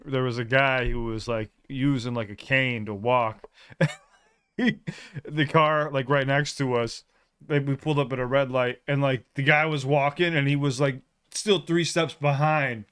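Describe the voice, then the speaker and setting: A man hosting a reaction video, telling a story in an excitable, casual way with swearing. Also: medium pitch, a little slow, smooth, dry recording, studio quality. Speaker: reaction channel host.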